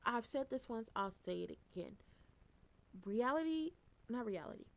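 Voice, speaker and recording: A woman giving a casual, animated recap, blunt and profane, and she gets loud for emphasis. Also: mid-range voice, fairly quick, creaky. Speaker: soap opera recapper.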